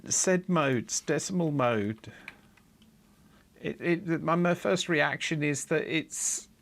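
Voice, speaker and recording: A man's voice: fairly high pitch, a bit bright. A middle-aged man chatting unhurriedly on a live coding stream. He rambles, laughs to himself and restarts his sentences. When the code misbehaves he mutters in exasperation. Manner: rambling and chuckling, with frequent fillers and restarts; exasperated muttering while debugging. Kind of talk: casual live-stream chat.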